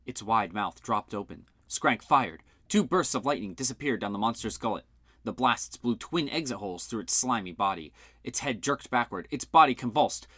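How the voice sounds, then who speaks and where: A man's voice: no room sound, studio quality. A man reading a fan-made audiobook, narrating expressively and switching into character voices. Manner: expressive, voices the characters with shouts and big pitch jumps.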